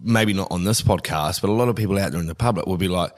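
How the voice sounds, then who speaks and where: Fast-talking man, chatty podcast host. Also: deep voice. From Australia. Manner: chatty, jokey, quick to interject. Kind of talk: casual podcast chat.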